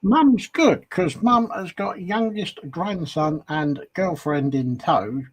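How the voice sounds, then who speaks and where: A man's voice: high voice, takes it slowly, breathy edge. A British man co-hosting a hobby live stream, chatting casually and greeting viewers by name. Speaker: co-host of a model-making live stream. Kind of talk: casual chat.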